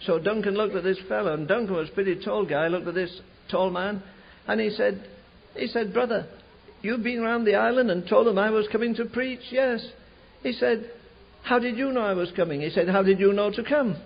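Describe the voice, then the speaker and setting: Older male preacher, high husky voice, fervent storytelling with shouted peaks, lo-fi archive sound. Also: a little fast. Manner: fervent, builds to shouting climaxes. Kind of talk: storytelling sermon. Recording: dull lo-fi archive recording.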